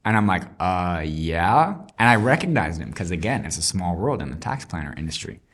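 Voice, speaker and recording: A man hosting an interview who tells stories excitedly, swears casually and stresses his punchlines. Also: sits low, a little fast. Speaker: podcast host.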